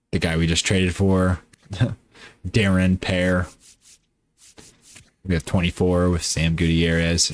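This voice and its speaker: A man casually talking through his baseball video game season, rambling and correcting himself as he goes. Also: sits low. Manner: rambling, self-correcting, offhand. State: tired. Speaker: gaming YouTuber.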